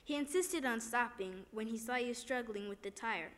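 A woman's voice: on the high side, normal speed, fairly bright tone, lightly acted. A woman reading as a cheerful, frail old woman. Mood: chatty.

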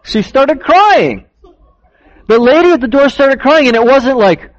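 A man's voice: extremely high pitch, expressive, moderate pace. A man telling a story to children during a church service, acting out the people in it and asking the kids questions. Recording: dull lo-fi recording.

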